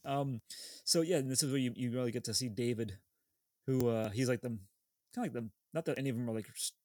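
A man hosting a casual movie podcast, talking in a mid-pitched, everyday voice. He rambles and jokes, restarting his sentences again and again. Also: fast talker, a little mellow, dry recording, clean studio sound. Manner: rambling, joking, many restarts. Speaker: podcast host. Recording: remote call with glitches.

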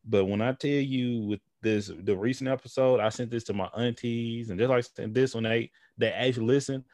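A man's voice: mid-range voice, steady tone, fairly quick, darkish tone, no room sound, clean studio sound. A man hosting a podcast in casual conversation, loose and rambling, laughing often and acting out relatives' voices as he tells stories. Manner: acts out relatives' voices while telling stories. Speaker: podcast host.

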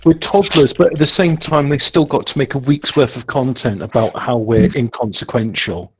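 A man's voice: medium pitch, normal speed, a little hiss or hum, rough recording. A man co-hosting a podcast, making dry, wry comments.

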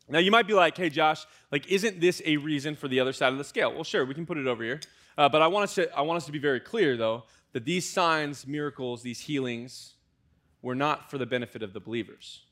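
A young American man, a student pastor, preaching a conversational sermon with lively asides to the congregation. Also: fairly high pitch, fast talker. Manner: conversational, animated preaching with fillers and audience asides.

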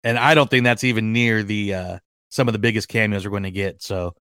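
A man hosting a fan podcast in casual chat, excitable and rambling, with lots of fillers and restarts. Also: fairly low pitch, fairly quick, smooth, dry recording. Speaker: podcast host.

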